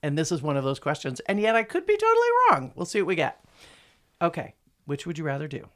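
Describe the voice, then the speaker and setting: A woman hosting a casual chat podcast, wry and teasing, keeping things moving with quick affirmations. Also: deep voice, huge pitch swings. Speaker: podcast host.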